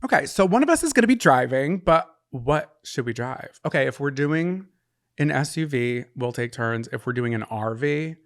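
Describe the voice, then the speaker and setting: A young man co-hosting a casual podcast, telling a story with lively back-and-forth and acting out both sides. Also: mid-range voice, moderate pace. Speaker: podcast co-host. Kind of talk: casual chat.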